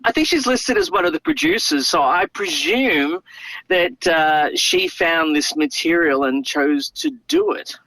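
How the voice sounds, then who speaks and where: Animated, opinionated male film reviewer. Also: high-pitched, a little slow, creaky, no echo, rough recording. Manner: animated, opinionated, starts with "look".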